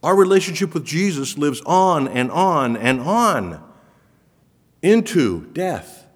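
A man's voice: fairly high pitch, big pitch swings, slow pace. A man preaching a sermon, earnest and emphatic, his voice building on repeated promises. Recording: reverberant hall.

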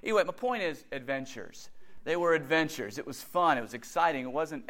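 A man's voice: fairly high pitch, fairly quick. A middle-aged man preaching a sermon, telling stories and acting out quotes. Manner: animated storytelling with acted quotes.

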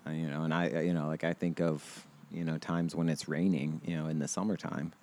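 Man, 30s, very low voice, loose rambling podcast host full of filler words. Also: flat delivery, a little fast, a little mellow. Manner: rambling, heavy on fillers and restarts, laughs often. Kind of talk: casual chat. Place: outdoors.

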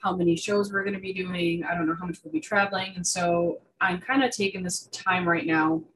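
A woman's voice: fairly low pitch, fairly even intonation, fairly quick, fairly bright tone, a little hiss or hum, poor audio. A young woman in a casual interview, chatty and enthusiastic, with lots of fillers and restarts. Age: young adult. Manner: enthusiastic about reptiles. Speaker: guest artist.

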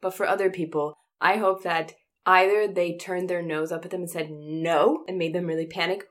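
A woman's voice: on the low side, fairly even intonation, moderate pace. A woman guest on a podcast, chatting casually with wry, playful remarks.

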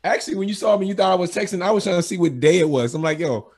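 A man's voice: sits high, animated, very fast, creaky, darkish tone, breathy edge. A man co-hosting a podcast, telling stories animatedly in slangy casual chat.

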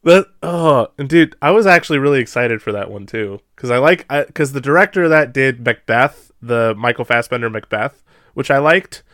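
Relaxed male co-host, mid voice, dry close recording, chuckles through his asides. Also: medium pitch, no echo. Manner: easygoing, chuckling, quick asides. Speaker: podcast co-host. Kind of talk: casual chat.

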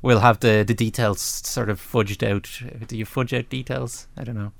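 A young Irish man hosting a podcast in a casual, rambling chat, laughing often and filling pauses. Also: on the low side, fairly even intonation, gravelly, dry recording, clean studio sound. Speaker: podcast host.

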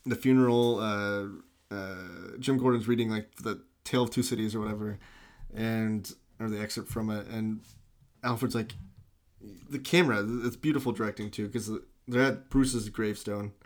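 A man talking casually about a movie, animated and quick to laugh, jumping in and out of loose impressions of the characters. His pitch climbs sharply when he acts out a line.

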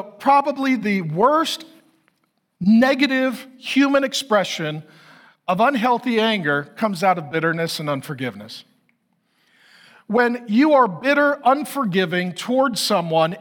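A man's voice: high-pitched, a bit bright. A middle-aged man preaching a sermon, emphatic and repetitive, full of rhetorical questions. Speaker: pastor.

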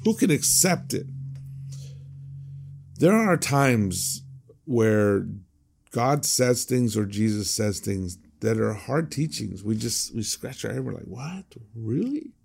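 A man's voice: lowish voice, unhurried, creaky, a little mellow. A man preaching a conversational sermon as a pastor, emphatic and prone to repeating words.

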